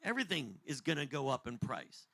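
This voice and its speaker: A man in his fifties giving a conversational, animated end-times Bible teaching as a podcast host, jokey and digressive. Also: mid-range voice, fairly quick, no echo. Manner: animated, jokey, digressive, acts out voices in quotes.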